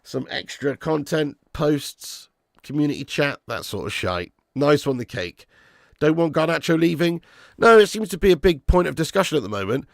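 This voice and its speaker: A man hosting a live football watch-along, calling the play and reading chat, excitable and swearing freely. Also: a little high, normal speed, gravelly, no room sound, clean studio sound. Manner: excitable, swears, jumps from play calls to chat shout-outs. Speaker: fan channel host.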